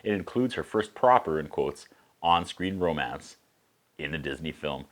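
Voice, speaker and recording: A man hosting a casual movie recap, making sarcastic, joking asides and slipping into quick voices for the characters. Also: a bass voice, lively intonation, fairly bright tone. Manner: casual, profane. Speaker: host.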